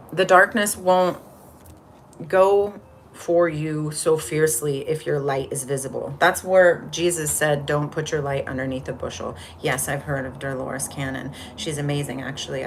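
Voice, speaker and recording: Low-voiced chatty woman livestreaming. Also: fairly even intonation, normal speed, a little hiss or hum. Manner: chatty, rambling, greets viewers from the chat. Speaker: livestream host. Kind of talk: casual spiritual livestream chat.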